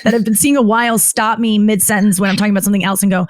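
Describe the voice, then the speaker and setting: A woman comedian, a guest in a candid podcast interview, who rambles and keeps cutting herself off with "like" and restarts. She jumps up in pitch when she acts out what other people said. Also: little pitch movement, fast talker, hardly any pauses, dry recording. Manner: rambling, frequent "like", self-interrupting.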